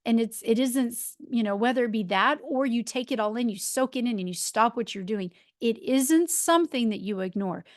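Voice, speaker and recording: A woman's voice: fairly high pitch, normal speed, few pauses, no echo, clean studio sound. A woman in her forties hosting a solo podcast, talking in a chatty, rambling way with many fillers and restarts. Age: 40s. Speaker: podcast host and life coach. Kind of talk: casual solo podcast talk.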